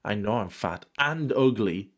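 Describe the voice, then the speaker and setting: A man's voice: on the low side, lively intonation, measured pace. A man reading a fan story aloud and breaking off for dry, sarcastic comments. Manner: dry sarcastic interruptions, mock outrage. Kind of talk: comedic reading with sarcastic asides.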